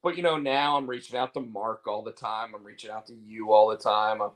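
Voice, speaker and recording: This podcast co-host is a man with a fairly low pitch and flat delivery who talks briskly, recorded at low quality. His casual chat is candid and rambling, full of swearing, restarts, fillers, and repeated words.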